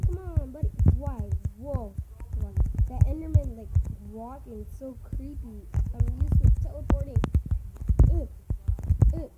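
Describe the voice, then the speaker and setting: A young woman giving casual, excitable commentary while playing a video game with a friend, often yelping and laughing. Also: high voice, normal speed. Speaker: gaming video host. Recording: loud background noise.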